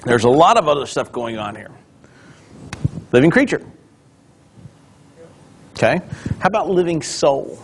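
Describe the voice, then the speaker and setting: Pastor teaching a Bible class. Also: male voice, on the high side, big pitch swings, unhurried, long pauses, slight background noise. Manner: explains then quizzes the class with questions. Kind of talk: conversational Bible study teaching.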